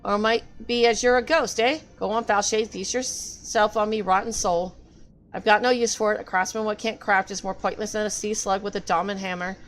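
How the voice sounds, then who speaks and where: A woman reading game dialogue aloud as a gruff, self-loathing male craftsman who grumbles and curses in a rough dialect. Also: mid-range voice, fairly even intonation, moderate pace, soft background music, close to an everyday voice. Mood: bitter.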